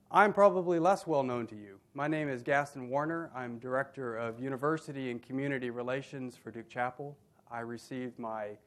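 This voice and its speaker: A middle-aged man opens a university talk in a courteous, measured way, speaking into a podium microphone. His voice sits at an ordinary, mid-range pitch for a man, and he slips some dry humor into a formal introduction. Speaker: event host and minister.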